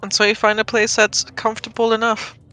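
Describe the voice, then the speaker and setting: Woman dm narrating a tabletop game, playful and chatty, bright voice, bit of music in the back. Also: on the high side, monotone, a little fast, rough recording. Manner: playful and chatty, often laughing. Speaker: dungeon master.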